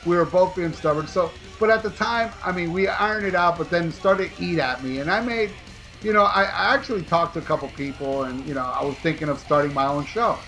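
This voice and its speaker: A man co-hosting a podcast, telling a story in a rambling, profane, animated way with many restarts. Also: fairly high pitch, a little fast, soft background music. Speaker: podcast co-host.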